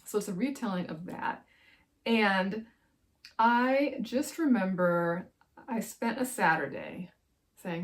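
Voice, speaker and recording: A woman's voice: mid-range voice, moderate pace. A woman who writes romance, chatting casually and enthusiastically about books she loved, wandering into side stories. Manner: gushing, digressive, enthusiastic. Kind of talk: casual book-review chat.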